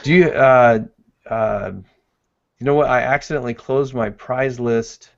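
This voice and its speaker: A man's voice: medium pitch, fairly even intonation, unhurried, vocal fry, lo-fi sound. A man co-hosting a live webinar in casual chat, laughing often and reading the chat aloud. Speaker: webinar co-host.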